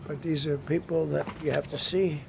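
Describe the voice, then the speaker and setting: Gravelly older man speaking bluntly. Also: on the high side, fairly even intonation, normal speed, darkish tone, a little hiss or hum. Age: 70s. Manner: blunt, repetitive, rambling asides. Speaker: speaker at a press briefing. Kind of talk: off-the-cuff press briefing remarks. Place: government briefing room.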